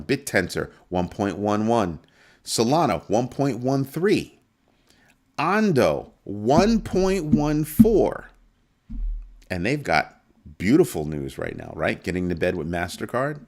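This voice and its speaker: A man with a voice on the low side runs a casual crypto show streamed live. Going through the numbers, he swings in an animated way between calm and exaggerated panic.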